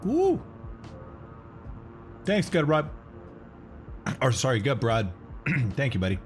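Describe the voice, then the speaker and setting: Guy streaming flight sim, mid pitch, slow easygoing chat, keeps clearing his throat, eating while he talks. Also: huge pitch swings, soft background music. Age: adult, has kids. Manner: explains instrument approaches while eating and answering chat. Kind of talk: casual live-stream chat.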